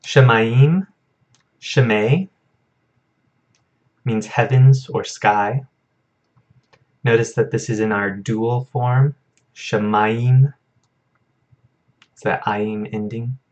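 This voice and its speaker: A young man teaching a casual vocabulary lesson in a relaxed, self-correcting way, chuckling at his own memory tricks. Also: medium pitch, drawn-out words, pauses often, dull audio. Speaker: Hebrew teacher.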